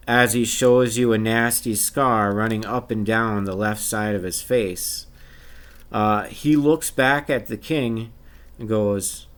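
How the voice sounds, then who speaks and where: A man narrating a tabletop game as game master, pausing often with fillers. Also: medium pitch, a bit bright. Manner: hesitant, many uh fillers.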